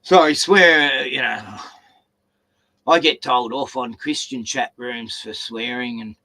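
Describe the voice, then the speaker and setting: A man's voice: mid-range voice, a little slow, pushed and bright. A man with an Australian accent chatting casually, rambling and stammering as he tells stories and swears. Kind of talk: casual chat.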